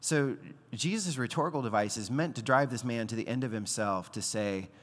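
Male pastor, conversational sermon delivery with acted-out asides, mid-pitched, recorded with hall reverb. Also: brisk. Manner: conversational preaching with acted-out quotes.

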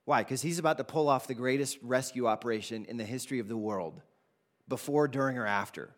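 A man preaching a sermon as pastor, in a conversational, animated way with casual asides. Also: medium pitch, brisk.

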